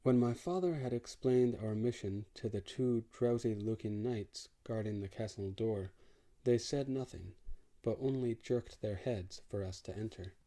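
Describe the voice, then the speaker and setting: Man, audiobook narrator, first-person, measured, wry, low pitch, very dark tone.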